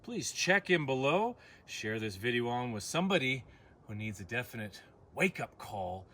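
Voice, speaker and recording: A man's voice: mid-range voice, very animated, normal speed, bright, forceful tone. Man, yoga instructor, joking asides, outdoor deck, faint background noise. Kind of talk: guided yoga class. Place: outdoor deck on a windy morning.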